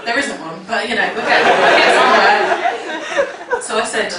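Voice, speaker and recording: A woman's voice: mid-range voice, normal speed, distant mic. Swearing woman doing stand-up, heard from afar. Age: 30s. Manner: swearing, rambling, self-mocking delivery. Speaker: stand-up comedian. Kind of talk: stand-up comedy set. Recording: echoey room from afar, loud crowd. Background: laughing audience, noise.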